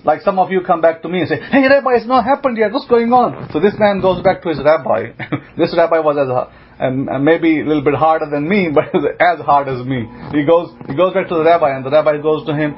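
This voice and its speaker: Animated storytelling rabbi, high-set voice. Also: male voice, brisk. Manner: animated retelling with voiced quotes, laughs now and then. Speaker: rabbi teaching a congregation. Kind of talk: storytelling sermon. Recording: dull lo-fi sound with faint noise.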